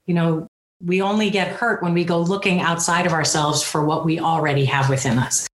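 A woman's voice: sits low, steady tone, fairly quick, roomy sound. A woman speaking as an interview guest, earnest and rambling, with self-deprecating humor. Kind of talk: candid personal interview.

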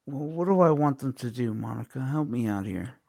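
A man co-hosting a casual podcast, talking with many fillers and pauses. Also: mid-range voice, lively intonation, gravelly, a little mellow, dry recording, studio quality. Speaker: podcast co-host.

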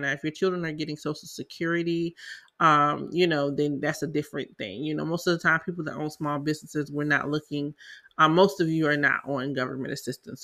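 A podcast host from South Carolina, an adult parent with a Southern accent, explains small business finances to listeners in a casual, teaching way. The voice is mid-range, creaky, and sharp in tone, and the host laughs often.

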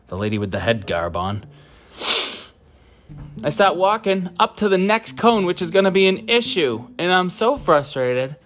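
Profane, animated storyteller man. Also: high-pitched, normal speed. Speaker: caller telling a story by voice message. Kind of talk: rambling anecdote told to a podcast host.

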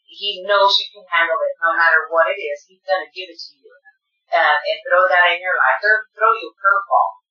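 A woman's voice: on the low side, normal speed, distant mic. A woman, telling a personal story in an emotional, earnest way, often close to tears. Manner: tearful, earnest, addresses listeners directly. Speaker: guest. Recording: echoey, dull room sound from off-mic.

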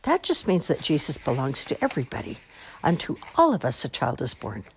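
A patient, slightly flustered mother gently corrects unruly children at a rehearsal, as a woman reading aloud voices her. Her voice is a touch husky and moves around a lot in pitch. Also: wildly swooping pitch, a little fast, heavily acted. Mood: explaining.

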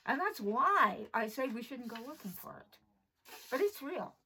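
Woman preacher, husky tone, earnest emphatic sermon delivery. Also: on the high side, big pitch swings, moderate pace, sharp tone, rough recording. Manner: earnest, emphatic, repeats phrases for stress. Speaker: pastor.

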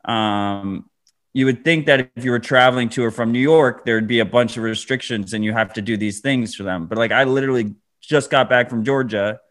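A man's voice: mid-range voice, brisk, fairly bright tone. A man co-hosting a podcast, chatting casually and ranting in a laid-back way. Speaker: podcast co-host. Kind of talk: casual chat.

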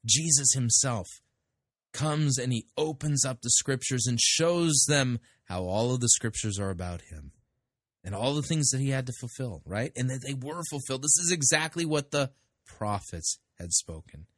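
A man's voice: medium pitch, expressive, normal speed, no echo, clean studio sound. A man hosting a show, giving blunt, sarcastic commentary on a sermon. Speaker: podcast host critiquing sermons. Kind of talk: casual commentary.

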